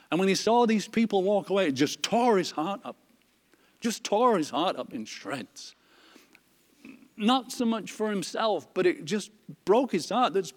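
Earnest man teaching scripture, hall echo. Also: high voice. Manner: earnest, emphatic, with many fillers and restarts. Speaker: Bible study teacher. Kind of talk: lesson reading scripture. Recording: long hall reverb.

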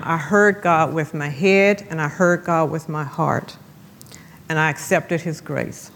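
Woman testifying in a reverberant hall. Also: on the low side. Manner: emphatic, repeats phrases, slows for effect. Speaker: guest speaker giving testimony. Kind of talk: church testimony. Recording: long church-hall reverb.

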